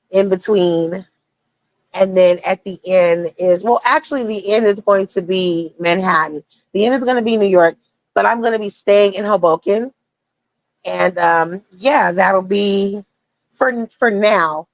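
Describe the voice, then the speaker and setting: A woman's voice: mid-range voice, no room sound. Blunt, profane young woman streaming. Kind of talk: casual livestream talk.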